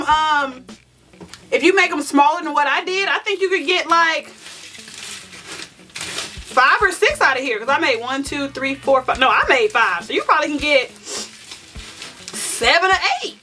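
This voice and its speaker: In her home kitchen, a high-voiced woman with a bright tone hosts a casual vegan cooking vlog, chatty and self-mocking as she addresses viewers directly as "y'all." The mic is distant, and faint music plays.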